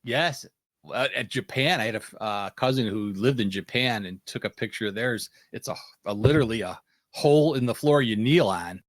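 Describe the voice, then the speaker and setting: With a medium-pitched voice at normal speed and no echo, an American man hosts a casual panel podcast. He's an animated storyteller, performing the quoted lines as he goes.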